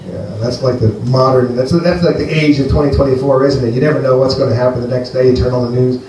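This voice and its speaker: A man from Greece performs a loose, rambling stand-up set, dry and playful as he talks to the crowd. His voice sits at an ordinary middle pitch. The sound is very echoey and distant, with room noise clearly present behind him. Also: steady tone, quick pace. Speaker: stand-up comedian. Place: comedy venue with a live audience. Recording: echoey live room, heard from afar.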